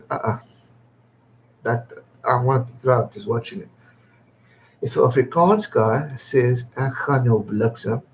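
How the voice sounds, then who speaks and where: An English man in his twenties hosts his birthday livestream, chatting casually, reading out viewer comments, laughing often and swearing freely. His voice is fairly low. The lo-fi stream audio is slightly dull, with a little hiss or hum.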